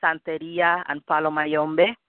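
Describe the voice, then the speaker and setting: A woman from Cuba with a Cuban Spanish accent, speaking as a guest on a call, halting with fillers and laughing often. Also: low voice, little pitch movement. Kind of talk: casual call talk. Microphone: phone. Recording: tinny phone line.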